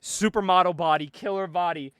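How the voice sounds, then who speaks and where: A man's voice: high-pitched, fairly quick, clear, resonant tone, no echo, studio quality. A man co-hosting a podcast, recapping a comic in casual chat, laughing often as he tells it. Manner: animated storyteller, laughs often, acts out quotes. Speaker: podcast co-host.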